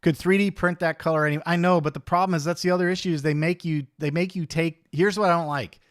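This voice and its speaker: A man's voice: on the high side, fairly even intonation, quick pace, dry recording, clean studio sound. A man hosting a casual livestream, chatty and blunt, joking and ranting while he reads viewer comments. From United States. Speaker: livestream host.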